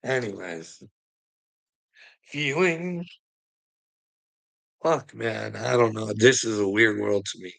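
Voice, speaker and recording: Gravelly man, profane and rambling. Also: on the low side, takes it slowly, pauses often, a bit bright, low-quality recording. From Canada. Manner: profane, rambling, laughing between sentences. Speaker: livestreamer talking to chat. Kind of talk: rambling livestream monologue.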